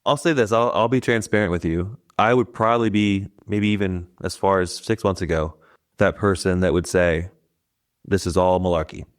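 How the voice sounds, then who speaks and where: A man's voice: low voice, fairly even intonation, moderate pace. A man hosting a podcast, retelling a story in a casual, rambling way. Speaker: podcast host. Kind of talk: podcast interview.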